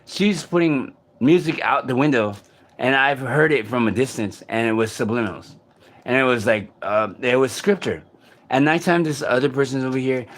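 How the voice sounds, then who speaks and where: Guy vlogging outdoors in a park, halting and searchy, keeps restarting his sentences. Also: medium pitch, fairly bright tone. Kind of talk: casual self-recorded vlog monologue.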